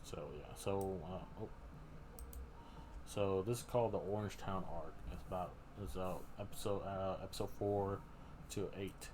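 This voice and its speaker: A man with a very low, deep voice hosts a live stream and retells a story in a loose, rambling way. He piles on fillers and restarts. Clear background noise runs under his talk. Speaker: streamer host. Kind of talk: casual live-stream recap.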